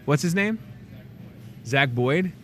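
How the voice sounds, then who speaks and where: A man's voice: fairly high pitch, takes it slowly, slight background noise. Chatty male local show host. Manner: chatty, joking asides, lively promo delivery. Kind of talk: casual local promo chat.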